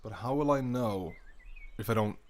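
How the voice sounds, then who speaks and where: A man's voice: fairly low pitch, moderate pace. A young man chatting casually on a live stream, thinking aloud and trailing off into mumbles.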